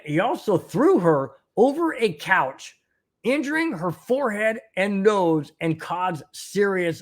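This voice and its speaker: An older sports podcast host giving opinionated commentary, reading news aloud with indignant exclamations and repeated phrases. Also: mid-range voice.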